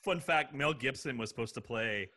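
A man's voice: medium pitch, normal speed, pushed and bright, no echo. A man co-hosting a podcast, eagerly sharing behind-the-scenes film trivia in casual chat. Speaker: podcast co-host.

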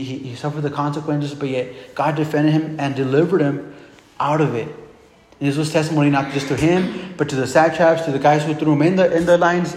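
A fairly high-voiced man preaches in a casual, conversational way and keeps doubling back on his words. His voice rings around a large, echoey hall with a long reverb tail, over a faint background hum. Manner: conversational, repeats and restarts words often. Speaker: pastor. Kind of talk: sermon.

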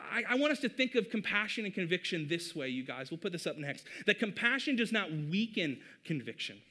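A man's voice: high voice, sharp tone. A man in his thirties, a pastor giving a conversational sermon and often addressing the congregation as "you guys".

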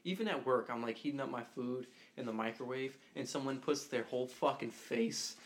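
A man's voice: mid-range voice, a little fast. Dry-witted young man. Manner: dry quips, short reactions. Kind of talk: casual chat.

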